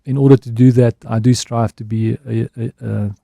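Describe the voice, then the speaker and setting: A man with a gravelly, mellow voice gives a candid, reflective radio interview. He often restarts phrases as he thinks aloud. The studio sound is close and dry. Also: medium pitch, steady tone, normal speed, no echo. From South Africa. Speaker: guest, advertising executive. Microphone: studio microphone.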